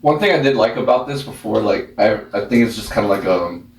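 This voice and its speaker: A man's voice: lowish voice, expressive, a little fast. A man co-hosting a podcast, chatting about a film with hesitant, filler-heavy phrasing. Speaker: podcast co-host. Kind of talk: casual movie review chat. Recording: roomy sound, distant mic.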